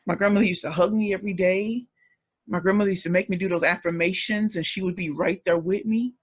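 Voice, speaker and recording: A woman in her forties from the St. Louis area of the United States tells her life story as a guest in an interview. Her voice sits on the low side, with a steady tone, a fast pace and a breathy edge. She speaks emphatically and emotionally, repeating herself often.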